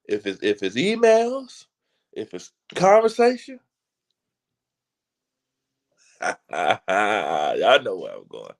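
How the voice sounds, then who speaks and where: Fired-up man preaching with constant restarts. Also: fairly high pitch. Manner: emphatic, preacher-like, with many restarts and repeated words; casual, slangy delivery. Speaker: motivational speaker. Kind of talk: passionate livestream talk.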